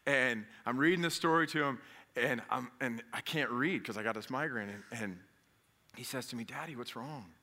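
Bright-voiced man preaching with animated fervor. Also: medium pitch, normal speed. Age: adult father. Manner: animated, jumps to loud emphatic peaks; talks directly to the congregation with questions. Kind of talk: conversational sermon.

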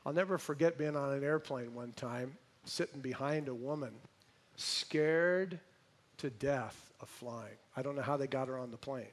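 A man preaching a sermon, telling a story in an animated way and praying. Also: mid-range voice, moderate pace. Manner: storytelling, animated, imitates voices.

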